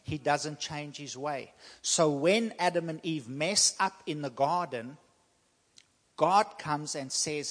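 A fairly high-voiced man preaching with emphatic, repetitive phrasing and slow, weighty pauses. His voice carries a long reverb that rings through a church hall. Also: a bit bright. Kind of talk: sermon.

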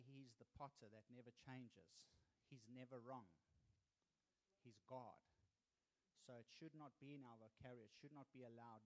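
A man's voice: medium pitch, a little mellow, poor audio. A man preaching a sermon as pastor, earnest and emphatic.

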